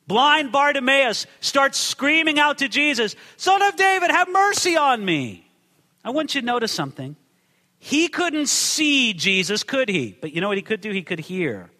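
A man preaching a sermon, reading scripture and acting out the quotes with sudden shouts and hushed drops. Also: sing-song, moderate pace, big-room sound. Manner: dramatic, acts out quotes with big swings in pitch and volume. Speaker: pastor. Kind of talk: expository sermon.

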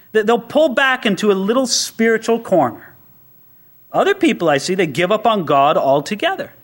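A male pastor preaching a sermon, with acted asides and everyday examples. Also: high voice.

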